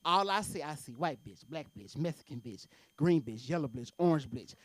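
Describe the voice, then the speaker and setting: A woman's voice: low voice, lively intonation, normal speed, slightly rough. Brash, profane woman doing stand-up. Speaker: stand-up comedian. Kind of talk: open mic stand-up set. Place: comedy club stage.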